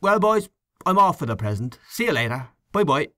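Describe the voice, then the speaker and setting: A man's voice: a little high, sing-song, brisk, bright, forceful tone, no room sound. A man reading an audiobook, voicing a breezy male campaign worker.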